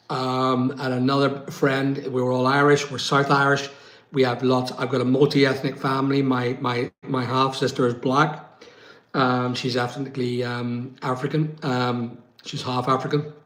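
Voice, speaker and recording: A man's voice: mid-range voice, little pitch movement, normal speed, a bit bright, roomy sound. Chatty man hosting a live stream. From West London. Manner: chatty, reads out comments, many ums. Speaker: livestream host answering viewer comments. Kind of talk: casual live chat.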